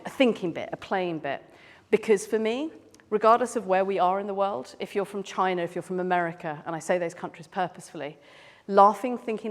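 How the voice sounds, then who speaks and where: A British woman, a clown and speaker, chatting playfully with a live audience as she answers their questions. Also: on the low side. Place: large hall at a live event. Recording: long hall reverb.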